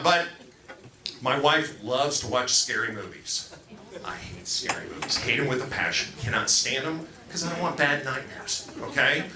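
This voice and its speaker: A middle-aged man doing a stand-up comedy set, talking loosely with lots of fillers and acting out quotes. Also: mid-range voice. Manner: loose, rambling delivery with fillers and acted-out quotes. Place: comedy club stage before a live crowd. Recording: echoey club with crowd noise. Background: crowd laughter.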